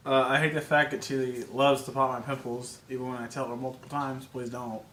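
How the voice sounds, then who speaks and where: A man's voice: mid-range voice, fairly quick, echoey room, slight background noise. A young man chatting and joking casually with his partner on her vlog. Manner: joking, deadpan teasing. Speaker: partner of the vlogger. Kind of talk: casual couples chat.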